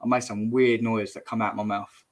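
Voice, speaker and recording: A man's voice: on the low side, level tone, moderate pace. Chatty man hosting a livestream. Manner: chatty and jokey, says mate, laughs at chat comments. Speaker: YouTube livestream host. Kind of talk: casual live-stream chat.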